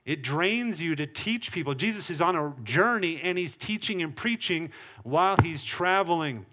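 A man's voice: on the high side, animated, moderate pace, sharp tone. A middle-aged male pastor preaching a sermon, earnest and emphatic. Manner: earnest preaching with acted quotes and varied emphasis.

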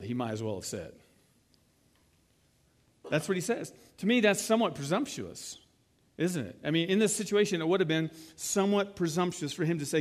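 A man's voice: high voice, sing-song, a little fast, big-room sound. A man preaching a sermon in a conversational way, retelling a scene and asking the listeners rhetorical questions. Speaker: pastor.

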